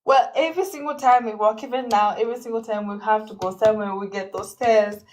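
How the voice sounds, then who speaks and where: A woman's voice: medium pitch, steady tone, quick pace. A woman from Kenya, a podcast guest, who laughs easily and answers in short replies. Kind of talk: casual interview.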